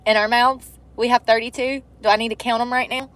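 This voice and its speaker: A woman's voice: on the high side, little pitch movement, a little fast, fairly bright tone, slight background noise. Chatty woman filming outdoors. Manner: chatty, swears freely, laughs often. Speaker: vlogger. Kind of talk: casual outdoor vlog chat. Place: outdoors by the water on a cold day.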